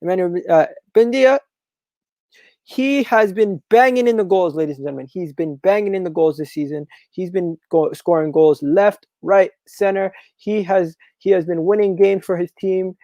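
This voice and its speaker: A man hosting a live football talk stream, reading viewer comments and repeating his phrases in a chatty, animated way. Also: high voice, normal speed, dry recording, low-quality recording. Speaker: football channel host.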